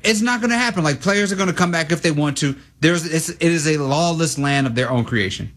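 A young man co-hosting sports radio, talking in a rambling, animated way with many fillers and restarts. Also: a little high, fairly quick. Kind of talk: casual sports talk.

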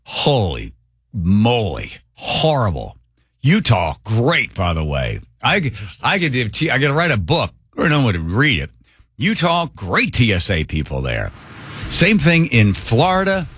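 A man hosting a radio talk show, telling stories in an animated way that swings between low mutters and loud outbursts. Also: a little slow, husky, no room sound, clean studio sound. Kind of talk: casual on-air chat.

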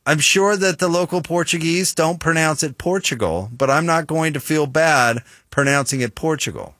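A man with a Utah American accent, a sports radio host in casual on-air banter, chatty and animated when making a point. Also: fairly high pitch, moderate pace, no room sound, clean studio sound.

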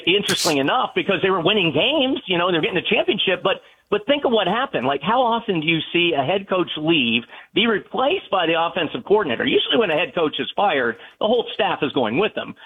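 An excitable man holds forth on football for a sports radio show, tripping over repeated words as his thoughts race ahead. His voice sits a little high and has a husky grain to it. The sound has the feel of a radio broadcast. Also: phone-quality sound. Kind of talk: casual sports radio talk.

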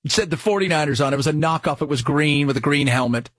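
A male radio host with a fairly high, husky voice, talking in a casual and excitable way. The sound is dry and close, with no room around it. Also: quick pace, no echo. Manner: excitable, animated delivery. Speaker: radio talk show host.

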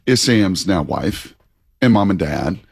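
A man co-hosting sports talk radio, chatty and animated, laughing as he talks. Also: sits low, takes it slowly, gravelly, husky, dry recording, clean studio sound.

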